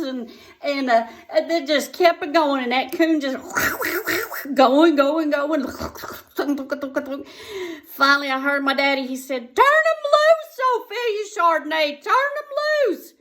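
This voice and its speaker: A woman's voice: high voice, fairly even intonation, a little slow, creaky, a bit bright. A woman telling a folksy comic story in a drawl, repeating words for effect.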